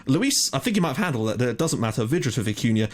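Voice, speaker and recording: A young man giving excitable live commentary on his own football management game, thinking aloud and swearing when it goes wrong. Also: medium pitch, fast talker. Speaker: gaming commentator.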